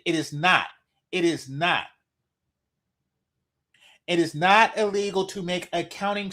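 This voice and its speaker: A man's voice: high voice, a bit bright. A man giving heated, profane commentary, repeating himself and swearing as he rants.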